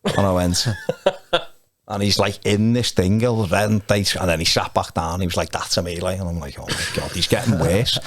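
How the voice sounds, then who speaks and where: Brief: low-pitched male podcast guest, relaxed anecdotes, dry close sound. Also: moderate pace, dry recording. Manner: chatty storyteller, chuckles often. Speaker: podcast guest, fan channel presenter. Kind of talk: casual chat and anecdotes.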